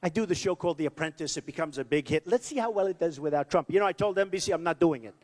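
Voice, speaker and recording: At a campaign rally in a large hall, a political candidate in his sixties from New York, United States, gives a rambling, boastful speech packed with repeated asides. His voice is a little high with a darkish tone, and he races along.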